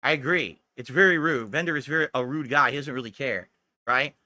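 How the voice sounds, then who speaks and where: A man's voice: mid-range voice, a little fast, pushed and bright, dry recording. A man livestreaming, ranting in a boastful, taunting way and swearing at his critics. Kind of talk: livestream rant.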